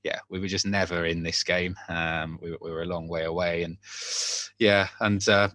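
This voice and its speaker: A man's voice: low-pitched, little pitch movement, normal speed, sharp tone, dry recording. A man co-hosting a football podcast, talking candidly in casual chat and laughing often. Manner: candid, laughs often, swears when annoyed.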